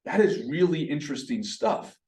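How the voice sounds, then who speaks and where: A man leading a real estate team meeting, coaching agents in an energetic way with rhetorical questions. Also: fairly high pitch, normal speed. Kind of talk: motivational team meeting talk. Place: meeting room. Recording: roomy, from a distance.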